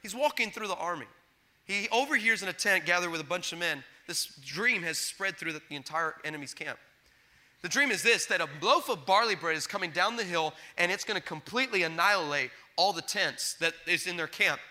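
A man preaching a sermon with passion, swinging between loud declarations and hushed asides, telling stories with acted-out quotes and stammered restarts. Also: high voice, animated, brisk. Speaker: pastor.

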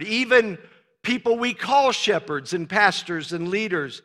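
A man's voice: high-pitched, lively intonation, measured pace, pushed and bright, long reverb tail. A male pastor preaching a sermon with emphatic, repetitive phrasing and frequent fillers.

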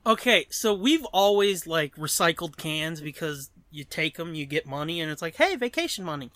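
A man's voice: on the high side, dry recording. A man co-hosting a casual podcast chat, telling stories with lots of acted-out voices, swearing freely and getting defensive when teased. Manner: animated storyteller, acts out voices, profane; defensive, quick to take offense. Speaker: podcast co-host.

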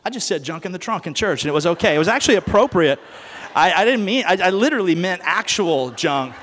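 High-voiced animated man preaching. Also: quick pace, big-room sound, a little hiss or hum. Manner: animated, joking, asks the crowd questions. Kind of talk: sermon with humorous stories. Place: church.

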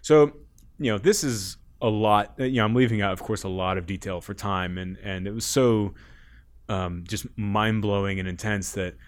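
A man's voice: fairly low pitch, moderate pace, smooth. A man guest on a podcast, telling a rambling story in casual talk, often laughing and swearing.

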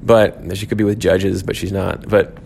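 A man's voice: low voice, flat delivery, moderate pace, gravelly, a little mellow, a little hiss or hum. A man teaching a church class, thinking aloud with frequent restarts and fillers.

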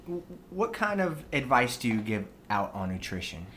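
A man hosting a podcast, asking short, relaxed questions in casual chat. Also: mid-range voice, moderate pace, a little hiss or hum. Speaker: podcast host.

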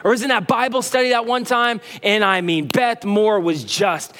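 With a long hall reverb on the recording, a male pastor delivers a sermon, playing puzzled listeners with animation, then shifting down to slow, low-pitched emphasis.

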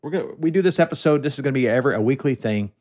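A man's voice: medium pitch, lively intonation, very fast, darkish tone. A man hosting his podcast in casual chat, joking with a dry, sarcastic tone into a studio microphone. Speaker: podcast host.

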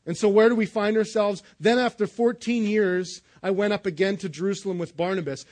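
Guy preaching in church, pretty high voice, tells bible stories all casual and jokey. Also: brisk. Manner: animated storytelling, acting out biblical characters with casual modern slang. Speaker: pastor. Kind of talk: sermon. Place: church sanctuary.

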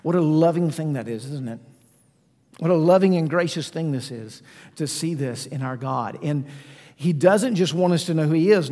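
A man's voice: on the high side, mellow. A man preaching a sermon as pastor, talking conversationally and putting questions to his listeners. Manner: conversational, asks the congregation questions. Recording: long reverb of a church hall.

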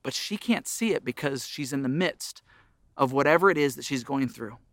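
A man's voice: mid-range voice, animated, moderate pace, a bit bright, no echo, studio quality. A middle-aged man preaching a sermon as pastor, earnest, his voice rising and dropping for emphasis.

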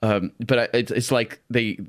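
A chatty man who often laughs while talking, and English is not his first language. His voice sits at a middle pitch. He speaks loosely and casually, as in a relaxed group conversation. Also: moderate pace. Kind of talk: casual chat.

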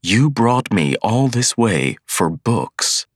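A man's voice: lowish voice, sing-song, slow pace, dry recording, clean studio sound, voice pushed up, full character voice. A man voicing an indignant young schoolmaster of Good who stammers, agitated and in disbelief. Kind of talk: audiobook character voice.

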